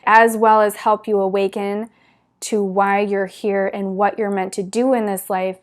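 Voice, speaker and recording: A woman's voice: mid-range voice, little pitch movement, a little slow. A woman giving a spiritual talk to her viewers, telling it in an earnest, gushing way with many "like" fillers. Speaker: spiritual teacher.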